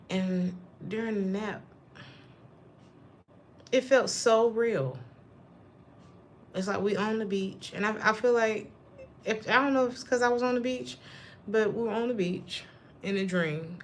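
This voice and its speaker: A young adult woman giving a tarot reading as casual chat. She is a slangy, wandering storyteller who often breaks into high, laughing outbursts. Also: slight background noise. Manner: slangy and digressive. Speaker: tarot reader.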